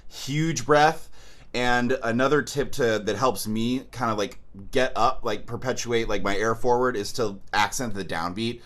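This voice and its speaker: A man's voice: mid-range voice, fairly even intonation, moderate pace, hardly any pauses, a bit bright. A man coaching a student in a horn masterclass, talking casually with many "like"s and singing phrases to show them. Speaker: horn teacher.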